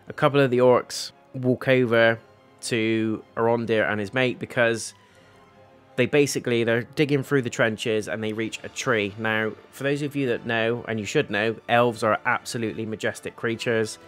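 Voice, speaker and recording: A man hosting a casual TV episode review, retelling the plot in a rambling way, with paraphrased quotes, fillers and some blunt swearing. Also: medium pitch. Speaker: TV reviewer, channel host.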